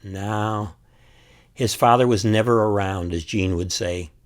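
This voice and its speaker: A man's voice: lowish voice, measured pace. A man speaking earnestly and from the heart as an author and host, reflecting on a film scene. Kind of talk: reflective commentary to camera.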